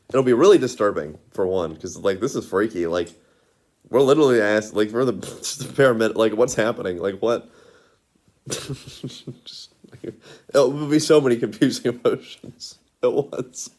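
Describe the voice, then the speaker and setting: Man, giggly, rambling, casual monologue, lots of filler words, mid-pitched voice. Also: lively intonation, moderate pace, darkish tone.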